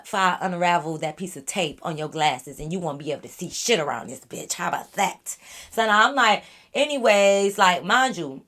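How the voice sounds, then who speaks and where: A woman vlogger telling a storytime in a casual, animated, profane and exasperated way. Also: medium pitch.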